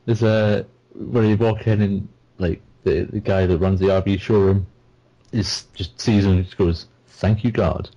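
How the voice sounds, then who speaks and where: A man with a low, mellow voice chats casually as a podcast co-host, laughing as he retells scenes. The recording sounds dull and muffled. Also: little pitch movement, normal speed. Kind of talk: casual chat.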